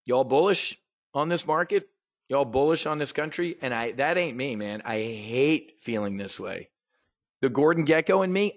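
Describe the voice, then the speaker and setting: A man hosts a trading market briefing livestream with a medium-pitched voice, lively intonation, and a moderate pace. His commentary is casual and profane, full of blunt sarcastic ranting and frequent restarts, in a dry, studio-quality recording.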